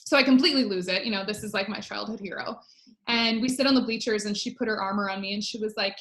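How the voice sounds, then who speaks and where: A woman's voice: mid-range voice, quick pace, fairly bright tone, reverberant. A woman in her thirties, a former Olympic swimmer, telling a personal story on a webinar in a chatty way with many fillers. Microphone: video call.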